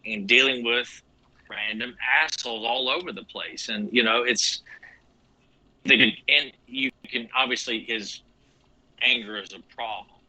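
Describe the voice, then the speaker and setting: Man, podcast co-host, very bright tense voice, dry close sound, rambling casual chat. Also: mid-range voice, fairly even intonation, measured pace, dry recording, low-quality recording. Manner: rambling, many restarts and "you know".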